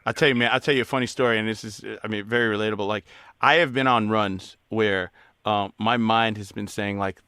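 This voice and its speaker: A man's voice: on the low side, steady tone, fairly quick, sharp tone, clear, resonant tone, dry recording, clean studio sound. A man hosting a radio interview, chatting casually and telling stories in a chummy way. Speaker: radio host.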